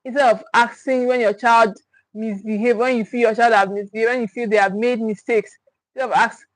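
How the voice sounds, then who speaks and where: A woman's voice: a little high, fairly even intonation, brisk, dry recording, poor audio. Emphatic woman parenting coach. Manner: emphatic, repeats key phrases; speaks directly to the viewers, with check-ins. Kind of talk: livestream teaching talk.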